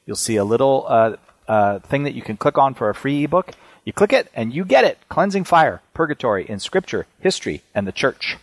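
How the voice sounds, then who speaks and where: A man's voice: mid-range voice, animated, fairly quick. A man hosting a call-in radio show, chatty and joking, with many restarts.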